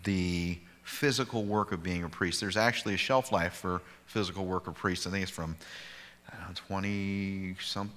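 Male pastor, low and punchy, casual teaching with dry self-mocking asides, heard in a big echoing sanctuary. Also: fairly bright tone. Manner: informal, digressive, self-deprecating humor. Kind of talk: conversational bible study teaching.

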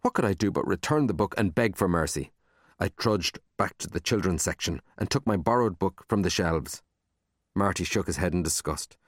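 A man reads a children's storybook aloud with a deep, low voice. His delivery is expressive and animated, swinging widely in pitch, and the recording is dry and close with no room sound. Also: normal speed, dry recording. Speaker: audiobook narrator. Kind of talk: storybook narration.

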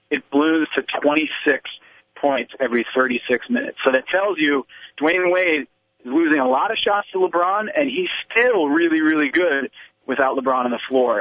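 Guest analyst, man, slightly high voice, dry muffled call-in sound. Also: gravelly, dry recording. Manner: explanatory, number-focused, slight stumbles. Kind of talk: stats-driven sports analysis on the radio. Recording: dull, band-limited phone-in audio.

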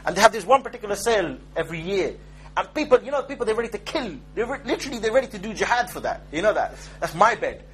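Male preacher, high voice, chatty joking lecture style. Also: lively intonation, very fast, a bit bright. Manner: conversational, joking, keeps asking "yeah?". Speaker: Islamic preacher. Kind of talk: informal religious lecture.

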